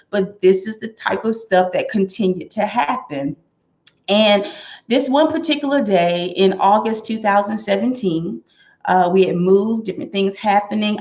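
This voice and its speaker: A woman's voice: medium pitch, highs cut off. A woman giving an earnest personal testimony about her experience with a company's products, acting out what people said to her. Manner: earnest storytelling, acts out quoted remarks.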